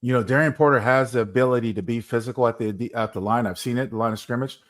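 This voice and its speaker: Male former-player analyst, quick delivery, emphatic and playful in casual talk. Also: medium pitch. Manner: emphatic, animated, jokey storytelling. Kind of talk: casual sports podcast talk.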